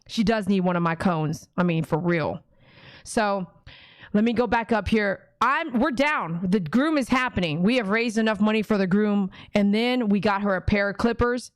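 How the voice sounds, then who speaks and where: A woman's voice: medium pitch, dry recording. A woman dog groomer hosting a casual livestream, chatty and rambling, often acting out conversations.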